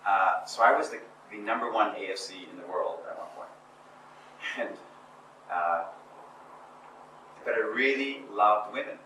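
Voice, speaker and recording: A man speaks to a small group in a bright, clear voice, mocking himself as he acts out scenes from old stories. He is a little way off from the mic in a very echoey room. Faint room noise sits behind him. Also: fairly low pitch, unhurried, pauses often, distant mic. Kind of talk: casual talk to a small group.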